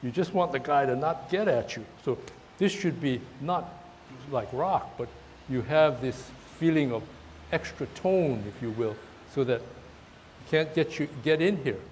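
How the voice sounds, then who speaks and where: A man's voice: mid-range voice, animated. Guy walking his tai chi class through moves, stop-start talk, a bit of hiss behind. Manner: halting, repeats words, talks while demonstrating moves. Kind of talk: outdoor class instruction. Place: park, outdoors.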